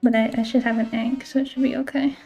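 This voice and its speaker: Woman game streamer, casual chat, higher voice, mellow tone, faint music behind. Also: flat delivery, fast talker. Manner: chatty, fills talk with "like", swears casually.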